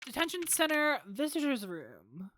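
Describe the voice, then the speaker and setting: A woman streamer giving casual, excitable commentary on a game, swearing and laughing often. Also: sits high, measured pace, a little hiss or hum.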